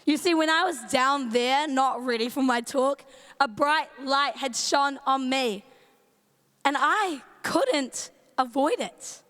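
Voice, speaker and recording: Woman youth leader, New Zealand accent, strained voice, high and unhurried, big-hall reverb. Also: fairly bright tone. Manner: playful, chatty, greets in Māori. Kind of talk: youth camp talk. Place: large events centre stage.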